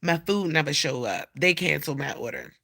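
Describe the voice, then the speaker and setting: Bright-voiced woman chatting on a livestream. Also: sits low, animated, a little fast. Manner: rambling, swears freely, scolds her cat. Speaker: livestream host. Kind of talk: casual livestream chat.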